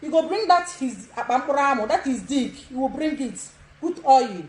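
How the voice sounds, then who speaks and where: A woman's voice: high-pitched, lively intonation, moderate pace, darkish tone. Bold, laughing Nigerian woman in her sixties. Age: 60s. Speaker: live video host. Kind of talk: social media live demonstration. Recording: echoey room.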